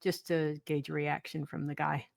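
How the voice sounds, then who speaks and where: A woman playing a tabletop role-playing game, calmly describing what her character does. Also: low voice, normal speed, gravelly, no echo. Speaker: player. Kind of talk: casual chat at a game table.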